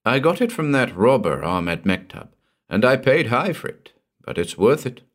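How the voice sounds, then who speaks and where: A man reading a brash, skeptical male collector in an audiobook, firing sharp, incredulous retorts. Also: mid-range voice, big pitch swings, normal speed, voice pushed up, lightly acted.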